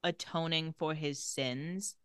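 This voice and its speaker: Bright-voiced woman, sardonic and blunt. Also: sits low, steady tone, takes it slowly, clear, resonant tone, no room sound, clean studio sound. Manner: candid, sardonic, swears freely. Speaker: podcast co-host. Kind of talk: casual chat recapping a TV episode.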